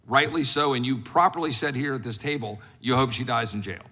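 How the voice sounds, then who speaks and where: A man putting measured, pointed questions to a witness at a congressional hearing. His voice sounds bright and forceful. The large room adds a long trailing reverb. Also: mid-range voice.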